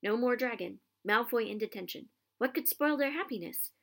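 A woman reading a children's novel aloud with expressive storytelling. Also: on the high side, normal speed, gravelly.

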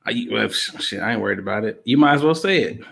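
A man in casual conversation, animated and profane, slipping into quick impressions of the people he talks about. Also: on the low side, vocal fry, slightly rough. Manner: animated, profane slang, acts out quotes. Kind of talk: casual chat about a music event.

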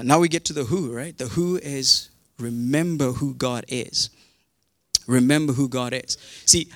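A man preaching a sermon in an animated, conversational way, often repeating words. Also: mid-range voice, no room sound, clean studio sound. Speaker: pastor.

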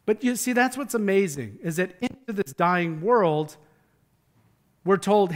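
High-voiced man preaching a conversational sermon. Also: normal speed. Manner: earnest, emphatic, with frequent repeated words. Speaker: pastor.

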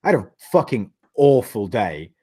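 Male podcast co-host, casual sweary storyteller, mid-pitched. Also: sing-song, normal speed, warm tone, slightly rough. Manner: rambling, sweary, laughs often. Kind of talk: casual chat.

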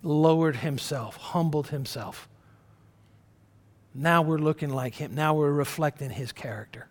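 A man preaching a sermon in an earnest, conversational way, swinging between loud emphasis and soft, quiet stretches. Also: on the high side, unhurried, long reverb tail. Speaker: pastor.

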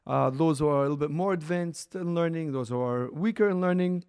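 Brief: male teacher, fairly high voice, loose conversational lesson, drops Hebrew terms, restarts often, slows and lifts to stress key words. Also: a little mellow, smooth. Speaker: rabbi teaching a Torah class. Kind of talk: recorded religious lesson.

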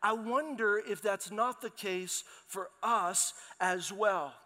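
A middle-aged man preaching a sermon as pastor, telling lively stories and calling out to his congregation. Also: sits high, takes it slowly. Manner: lively storytelling, calls out to the congregation. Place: large church hall. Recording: long hall reverb in a church.

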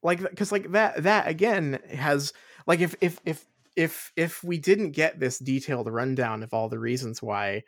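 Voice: medium pitch, normal speed, dry recording, clean studio sound. A podcast co-host rambling through a book discussion, repeating words and laughing often.

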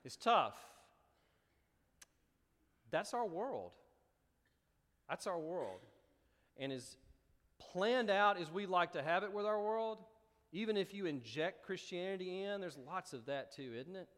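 A man preaching a sermon, animated and storytelling with rising emphasis. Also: high-pitched, normal speed. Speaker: pastor. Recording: long hall reverb.

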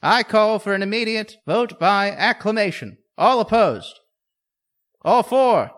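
A man putting on a pompous, formal male club member who speaks loudly and rises and falls in pitch. The tone is stiff and ceremonial. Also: animated, unhurried.

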